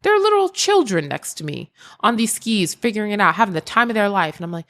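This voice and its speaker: A woman talks straight to her listeners in a motivational podcast monologue. Her voice is lively and rises and falls widely. She leans on repetition to drive each point home. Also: a little high, normal speed. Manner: emphatic, repeats phrases, addresses listener directly. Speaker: podcast host and creativity mentor.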